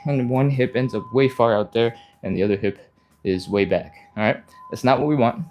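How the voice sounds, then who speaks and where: A man's voice: medium pitch, a little mellow. A man leading a live follow-along stretching class, talking casually while he exercises and getting a little out of breath. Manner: talks while exercising, breathy exertion sounds and sighs; encouraging, casual, reads viewer comments aloud. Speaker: stretching instructor.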